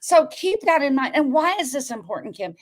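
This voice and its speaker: A woman telling her story on a talk show as a guest, expressive, acting out quoted dialogue and turning to address the listeners. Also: high voice, fairly quick.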